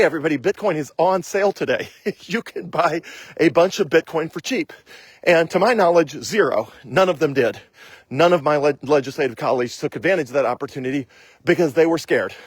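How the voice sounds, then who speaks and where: A man with a fairly high voice talks in a casual, emphatic monologue. He hammers his points home by repeating them and acting out imagined exchanges. The sound is dry and close, with no room around it. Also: no echo. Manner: emphatic, repetitive, argues by acting out imagined questions and answers. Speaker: state legislator and investor.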